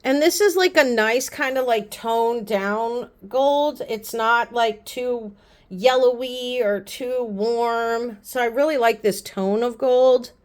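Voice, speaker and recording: A woman with a fairly high voice chats casually to her camera. She gushes and rambles, drifting into quick self-aware asides. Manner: chatty and gushing, repeats "pretty" often. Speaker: beauty vlogger. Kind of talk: casual haul chat to camera.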